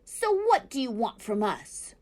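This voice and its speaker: A woman voicing a gruff, suspicious male fox in a storybook, with a growling tone. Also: on the high side, sing-song, unhurried, a little mellow, pitched above the performer's own voice.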